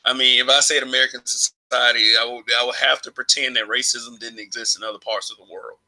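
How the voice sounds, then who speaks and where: A man's voice: mid-range voice, steady tone, fast talker, bright, forceful tone, poor audio. A man from Alabama giving his opinions in a casual vlog monologue, rambling, restarting phrases and chuckling often. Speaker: vlogger.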